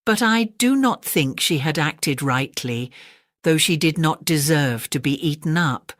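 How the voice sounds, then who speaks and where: A woman with an English accent reads a bedtime story in a gentle, measured way. Her voice sits low, and the recording is dry and close. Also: animated, no room sound. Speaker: audiobook narrator.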